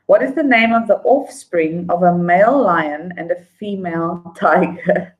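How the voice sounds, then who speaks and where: Slow-reading woman hosting trivia. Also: fairly low pitch, lively intonation, dull audio. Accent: non-local accent. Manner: slow, drawn-out question reading, laughing apologies, humming between questions. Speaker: trivia quiz host. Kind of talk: casual live trivia hosting.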